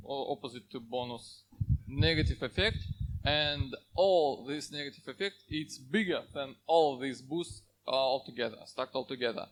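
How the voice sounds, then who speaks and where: A man answering conference questions as a game developer, in halting English with many fillers. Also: mid-range voice, fairly bright tone, a little hiss or hum, rough recording. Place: conference hall.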